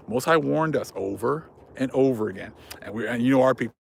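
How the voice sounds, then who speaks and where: A man's voice: mid-range voice, lively intonation, brisk, vocal fry, few pauses, slight background noise. A man hosting a religious commentary vlog, speaking fervently in casual slang and repeating himself for emphasis. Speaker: vlog host.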